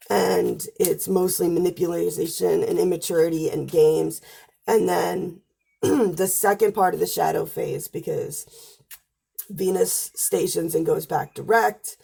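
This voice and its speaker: A woman's voice: fairly low pitch, creaky, dark tone, slightly rough. A woman giving a casual spoken astrology and tarot forecast, chatty and talking straight to viewers, her voice wearing out as she goes. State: losing her voice.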